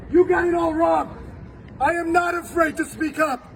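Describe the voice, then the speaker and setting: Male, 40s, very high voice, slow fiery protest speech, shouting and choking up, distant mic with faint traffic. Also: fairly even intonation, gravelly, a faint crowd. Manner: emotional, shouting, voice breaking with tears. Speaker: university employee giving a protest speech.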